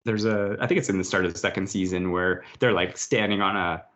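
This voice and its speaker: A man hosting a podcast, chatting casually and retelling scenes with quick put-on voices. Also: low-pitched. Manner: rambling, animated retelling with quoted voices. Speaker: podcast host. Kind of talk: casual chat. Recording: dull lo-fi podcast audio.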